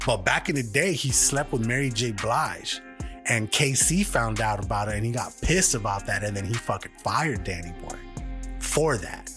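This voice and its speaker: A man's voice: lowish voice, lively intonation, moderate pace, music in the background. A man co-hosting a podcast, rambling through a profane story in casual chat and acting out the quoted voices. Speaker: podcast co-host.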